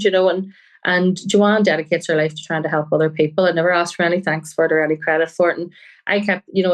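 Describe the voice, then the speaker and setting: A woman's voice: low voice, poor audio. A woman journalist, a guest on a crime podcast, talking earnestly and often quoting people she met. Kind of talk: podcast interview.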